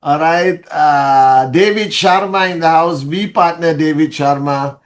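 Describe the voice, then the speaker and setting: A middle-aged man leading a live online call, speaking softly and greeting viewers one by one by name. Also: on the high side, unhurried. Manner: softly spoken; greets viewers by name with many shout-outs. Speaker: leader of a network-marketing live call. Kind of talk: live-stream motivational talk.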